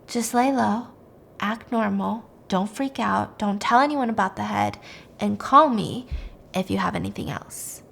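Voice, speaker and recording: A woman voicing a male detective who speaks in a low-key, matter-of-fact, hushed way. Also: unhurried, creaky, husky, full character voice. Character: cool, knowing male detective.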